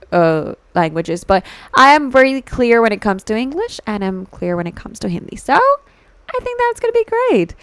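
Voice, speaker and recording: Chatty woman streamer with a smooth voice. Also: mid-range voice, no echo. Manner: chatty, giggly, switches between English and Hindi; reads and answers chat messages playfully. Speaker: VTuber streamer. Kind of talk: casual live-stream chat with viewers.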